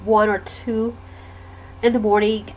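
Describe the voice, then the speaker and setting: Halting, soft-spoken woman telling her story. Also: medium pitch, level tone, a little hiss or hum, poor audio. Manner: halting, with many pauses and fillers. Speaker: vlogger sharing a personal story. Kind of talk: casual personal storytelling. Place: lives in Georgia, USA.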